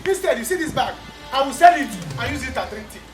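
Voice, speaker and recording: A woman's voice: high-pitched, lively intonation, quick pace, music in the background. Woman playing a brash, boastful Nigerian bully. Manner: loud, boastful, repetitive. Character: brash scheming woman bullying her family. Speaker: actor. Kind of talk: Nollywood film acting.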